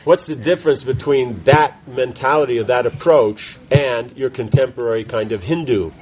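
A man's voice: mid-range voice, a little mellow, dull audio. A man teaching a conversational scripture class, often restarting his sentences and checking in with "right?". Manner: halting restarts, keeps asking "right?".

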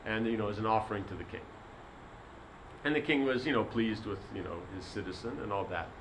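A man's voice: on the low side, a little fast, noisy background. Rambling male spiritual teacher. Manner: rambling, many fillers like "you know". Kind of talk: sermon with a told story.

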